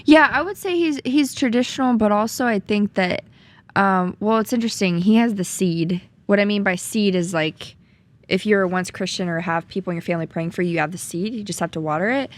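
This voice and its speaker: Young Southern woman guest, earnest and chatty, mid-pitched. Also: fairly quick. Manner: earnest, chatty, with frequent ums and likes. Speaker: podcast guest. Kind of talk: casual storytelling chat.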